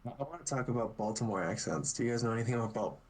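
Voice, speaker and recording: A man's voice: medium pitch, lively intonation, very fast. A young American man chatting casually on a podcast, rambling with plenty of fillers. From United States. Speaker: podcast co-host. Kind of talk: casual chat.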